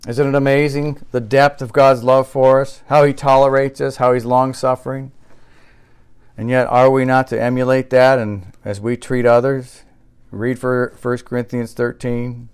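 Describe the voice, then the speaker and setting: A male pastor preaching a sermon, who repeats key phrases for emphasis and swings between loud, emphatic exclamations and quiet, reflective asides. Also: mid-range voice, little pitch movement, normal speed, clear, resonant tone.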